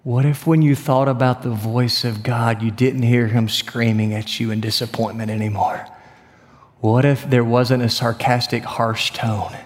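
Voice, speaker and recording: A man preaching a sermon, moving between hushed whispers and bright, emphatic declarations. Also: medium pitch, fairly even intonation, a little slow. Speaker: pastor. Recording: long reverb of a large hall.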